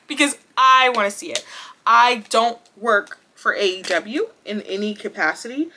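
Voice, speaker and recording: A woman hosting her own wrestling vlog in casual chat, animated and blunt, swearing and laughing often. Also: a little high, measured pace, slight background noise. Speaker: wrestling vlogger.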